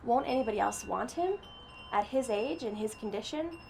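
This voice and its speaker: A woman voicing a tearful female animal shelter worker who speaks softly and sorrowfully, in a story reading. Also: a little high, expressive, normal speed, vocal fry, soft background music, rough recording. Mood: bitter. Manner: soft, sorrowful.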